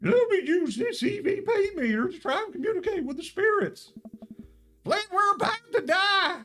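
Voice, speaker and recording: Yelling twangy trucker man. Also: extremely high pitch, lively intonation, moderate pace, pitched above the performer's own voice, full character voice. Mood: panicked. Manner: put-on twangy drawl, yelling. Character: panicked rural male ghost-hunting trucker. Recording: background music.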